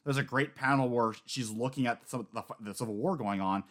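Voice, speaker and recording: Rambling, animated man co-hosting. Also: mid-range voice, brisk. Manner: rambling, animated, swears casually. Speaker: podcast co-host. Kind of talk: casual chat about manga chapters.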